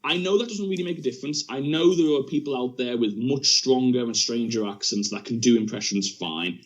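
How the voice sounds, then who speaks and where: A man's voice: mid-range voice, brisk, lo-fi sound. A man from England with a blended Liverpool and West Midlands accent, co-hosting a podcast in chatty, self-deprecating casual talk. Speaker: podcast co-host. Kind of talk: casual chat.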